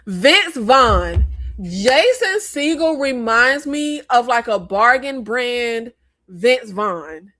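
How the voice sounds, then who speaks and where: An American woman hosting a casual movie review chat, blunt and animated, with rambling asides. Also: a little high, drawn-out words, faint music behind. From United States. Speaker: host.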